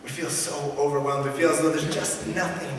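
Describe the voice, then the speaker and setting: A man preaching a sermon as pastor, earnest, swinging from loud emphatic lines to hushed ones. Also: a little high, level tone, fairly quick, background noise. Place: large church sanctuary. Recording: echoey church hall from far off.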